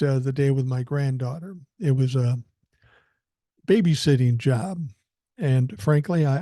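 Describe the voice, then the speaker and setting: A man's voice: mid-range voice, warm tone, no echo. An older man hosting a podcast, telling blunt, profane stories in casual chat. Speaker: podcast host. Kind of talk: casual commentary.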